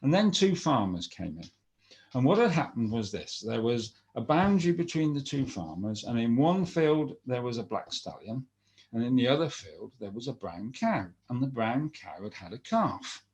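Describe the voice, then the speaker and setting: A man's voice: mid-range voice, very animated, moderate pace, darkish tone. A man telling a folktale aloud in a chatty, rambling way, with asides to his listeners. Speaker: storyteller.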